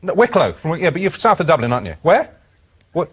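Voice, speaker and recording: A man's voice: on the high side, very animated, quick pace, husky. A man hosting a TV talk show, chatty and jokey, with stumbling restarts. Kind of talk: casual chat.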